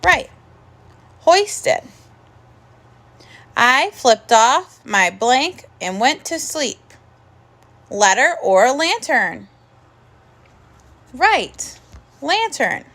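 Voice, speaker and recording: A woman leads a recorded first grade phonics lesson. Her voice sits high and bright, with a lively, swooping pitch. She speaks slowly and encouragingly, sounding out each word carefully. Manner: slow, clear, encouraging teacher talk with drawn-out sounds.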